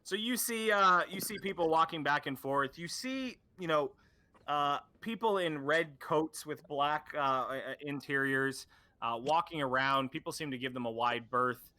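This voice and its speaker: A man's voice: fairly high pitch, unhurried, pushed and bright. A man narrating as dungeon master for a tabletop game, casual and full of fillers.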